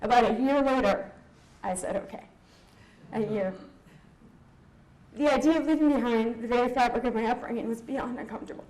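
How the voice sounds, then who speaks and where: In an echoey conference hall, a young Southern Californian woman gives an open, heartfelt talk about her own life, breaking into a laugh at times. Her voice is fairly high, fairly quick, and darkish in tone.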